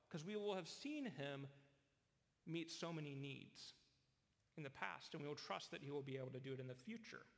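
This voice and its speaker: A man delivers an earnest sermon, telling stories and voicing the people in them. His voice is bright and forceful, sitting a little high for a man. The sound carries a long reverb, as in a large hall. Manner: earnest storytelling preacher. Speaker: pastor.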